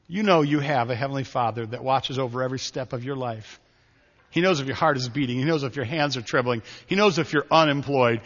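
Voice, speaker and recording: A middle-aged male pastor preaching a sermon, telling stories and swinging from hushed asides to loud, urgent preaching. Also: medium pitch. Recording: muffled hall reverb.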